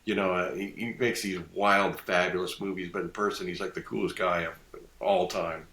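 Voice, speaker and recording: Older male guest, low bright voice, animated storyteller, echoey room. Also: moderate pace. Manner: animated, acts out quoted voices, laughs often. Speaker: guest designer. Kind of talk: casual podcast storytelling.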